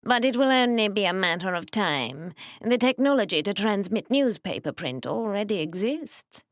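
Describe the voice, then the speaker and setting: A woman voicing a dull male post office clerk with a whining nasal voice, speaking slowly and pedantically. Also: medium pitch, big pitch swings, dry recording, clean studio sound, pitched above the performer's own voice. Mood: pedantic. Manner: slow, pedantic, helpful.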